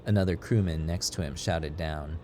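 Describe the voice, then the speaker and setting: A man reading a scripted story as narrator, in a steady, measured way. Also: deep voice. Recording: audible background noise.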